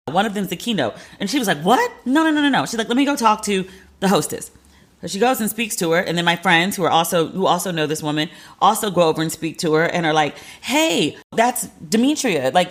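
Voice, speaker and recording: A woman's voice: deep voice, a bit bright. A woman podcast host telling a story in a casual monologue, candid and profane, acting out what others said.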